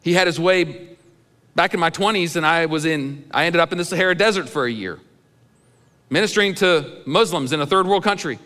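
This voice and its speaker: Bright-voiced middle-aged pastor, reverberant church. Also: male voice, on the high side, fairly quick. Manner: conversational, candid storytelling with humor. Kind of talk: sermon. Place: church sanctuary.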